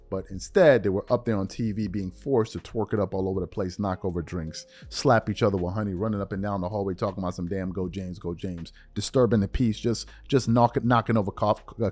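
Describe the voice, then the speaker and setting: A man hosting a sports commentary show, ranting in an animated, mocking way that swings between low mutters and loud outbursts.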